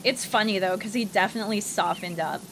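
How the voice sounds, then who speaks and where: She's a fast talker: a young Midwestern woman casually telling her stream a story as she plays, animated, with her voice spiking whenever she's exasperated. The audio is poor, with a little hiss or hum.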